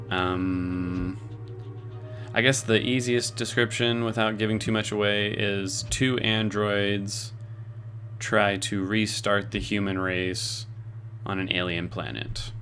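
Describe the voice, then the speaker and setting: A man with a fairly low, slightly bright voice streams from home, chatting casually with viewers as he reads chat, relaxed and occasionally swearing. A robotic filter is applied to his voice.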